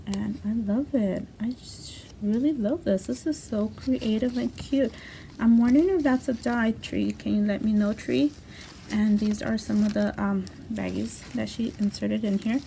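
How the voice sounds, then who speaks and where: A woman's voice: fairly high pitch, steady tone, measured pace, vocal fry, warm tone, slight background noise. A woman hosting a craft channel, chatting casually as she unboxes a package, gushing and effusive, with frequent "you know" fillers.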